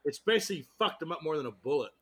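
Fast-talking joking man in film chat. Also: fairly high pitch, expressive. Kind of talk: casual movie discussion.

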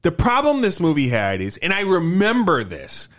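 A man's voice: fairly high pitch, wildly swooping pitch, normal speed, a bit bright. A man co-hosting a casual podcast chat, enthusiastic and profane, often stumbling and restarting. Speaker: podcast co-host.

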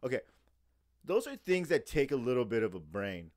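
A man's voice: medium pitch, sing-song, normal speed, a little mellow. Profane ranting man. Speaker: podcast co-host. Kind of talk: casual chat.

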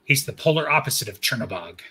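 A man's voice: medium pitch, expressive, fast, bright, forceful tone, husky. A man co-hosting a podcast in casual chat, joking and rambling, fond of groan-worthy puns. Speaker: podcast co-host.

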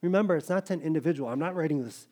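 A man's voice: a little high, very fast, a little mellow. A middle-aged male pastor preaching a sermon in a conversational, joking way. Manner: conversational preaching, jokes with the congregation.

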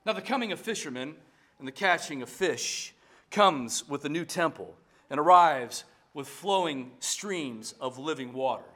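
Male pastor, lively storytelling sermon, fairly high voice with wide swings. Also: measured pace. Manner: animated storytelling preaching.

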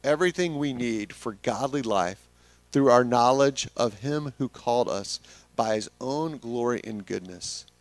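A man's voice: mid-range voice, lively intonation, a little slow, no room sound. A man preaching a sermon in a conversational, earnest way, talking straight to the congregation. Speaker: pastor.

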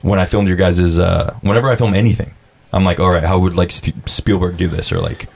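A man's voice: low voice, steady tone, fairly quick, gravelly, darkish tone. A young man chatting casually on a podcast, telling stories, saying dude a lot and swearing as he acts out what people said. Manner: laid-back storyteller, says dude a lot, swears, acts out quotes. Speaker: podcast guest. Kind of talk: casual chat.

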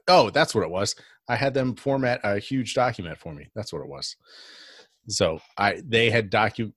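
A man's voice: low-pitched, a bit bright, no room sound, studio quality. A man co-hosting a podcast in casual chat, talking in a rambling way with many restarts and frequent giggles. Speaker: podcast co-host.

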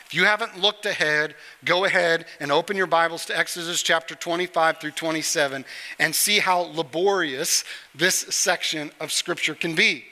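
A man's voice: fairly high pitch, steady tone, moderate pace, bright, forceful tone, long reverb tail. A middle-aged man preaching a sermon from a church stage, talking conversationally and joking with the congregation. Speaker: pastor.

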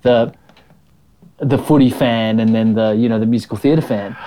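A man's voice: on the low side, steady tone, moderate pace, mellow, a little hiss or hum. A man hosting an interview, curious and asking follow-up questions, hesitant with many fillers. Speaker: interviewer host. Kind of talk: casual interview.

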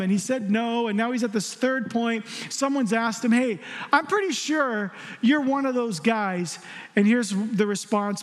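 A man with a strikingly high voice delivers a sermon as pastor. He talks earnestly and slips into the voices of people full of regret. The sound carries a long reverb from a church hall.

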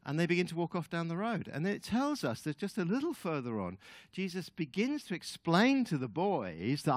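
Animated man telling a sermon story. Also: a little high, fairly quick, dry recording. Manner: animated storytelling, chatty asides to the audience. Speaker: guest speaker.

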